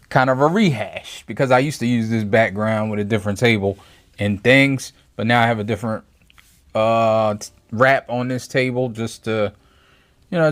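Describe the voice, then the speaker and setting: A man in a mid-range voice talks through a toy review at a table in his home setup. He rambles and thinks aloud, often stopping to rephrase himself. His delivery is casual and conversational, never scripted. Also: mid-range voice. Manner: rambling, thinks aloud, frequent self-corrections.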